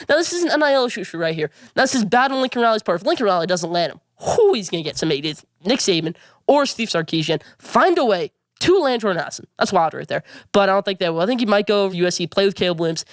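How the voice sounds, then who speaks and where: Rapid-fire rambling sports vlogger. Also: medium pitch, no room sound, clean studio sound. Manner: rapid, rambling, repeats his points. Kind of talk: opinionated sports commentary.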